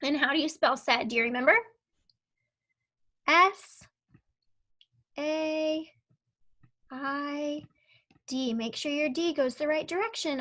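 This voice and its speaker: A young woman teaching an online phonics lesson to young children, patient and clear as she sounds out words and spells letters one at a time. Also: sits high, bright, forceful tone. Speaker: kindergarten teacher.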